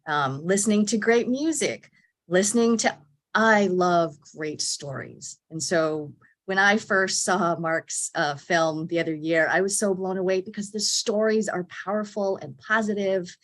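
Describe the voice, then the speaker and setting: Panel guest: a woman with a mid-pitched, gentle voice, encouraging, dry close recording. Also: no room sound. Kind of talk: casual panel talk.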